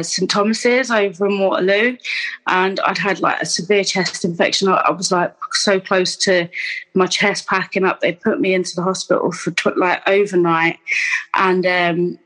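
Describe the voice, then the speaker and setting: A woman's voice: medium pitch, fairly bright tone, poor audio. A woman, telling her personal story in an interview in a candid, rambling way with many restarts and asides. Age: 30s. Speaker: guest.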